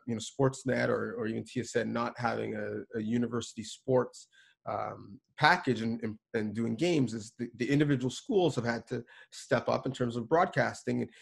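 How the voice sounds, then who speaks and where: A man's voice: mid-range voice, vocal fry, husky. A man, a sports reporter and producer, giving earnest, emphatic advice to students over a video call, with frequent restarts.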